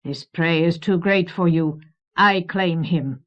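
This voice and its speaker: A deep commanding dark voice from the stone, slow and menacing, woman reader doing it, old dull tape. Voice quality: deep and resonant. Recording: dull old cassette recording.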